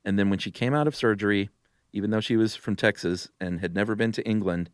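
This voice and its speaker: A man's voice: on the low side, quick pace, no echo, studio quality. A man co-hosting a podcast in casual chat, easygoing and rambling. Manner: easygoing, rambling, many ums and likes. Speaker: podcast co-host.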